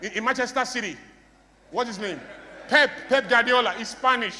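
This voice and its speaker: A man's voice: very high voice, moderate pace, sharp tone, in a large hall. A man with a Nigerian English accent giving a playful motivational talk to a live audience, mimicking broken English for laughs. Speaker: motivational speaker.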